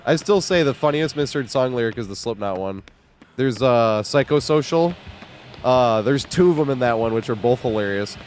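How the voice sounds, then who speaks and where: A man's voice: mid-range voice, lively intonation, moderate pace, darkish tone, slight background noise. A man streaming a video game, talking loosely and profanely with his viewers, his voice weak and congested from a cold. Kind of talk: casual livestream chat while gaming.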